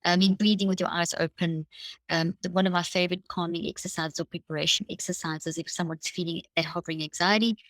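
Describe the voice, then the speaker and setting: A woman guest in a podcast interview explains her ideas at length, voicing the thoughts of an imagined person as she goes. Her voice sits somewhat low, recorded close and dry. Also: fairly quick, no echo, poor audio. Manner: animated, explains at length with quoted inner speech. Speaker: cognitive neuroscientist guest.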